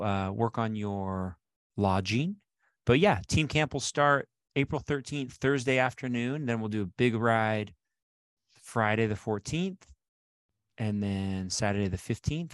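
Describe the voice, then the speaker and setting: A man's voice: mid-range voice, fairly bright tone, clear, resonant tone, no room sound, studio quality. A man hosting a casual podcast, upbeat and rambling with fillers. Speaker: podcast host.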